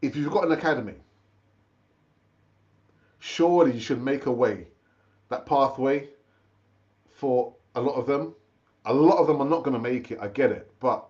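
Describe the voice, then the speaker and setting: A man's voice: medium pitch, moderate pace, pauses often, a little mellow, highs cut off. A middle-aged man hosting a casual live football fan stream, chatty and repetitive, calling viewers brother. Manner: chatty, repeats himself, calls viewers brother. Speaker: football fan channel host.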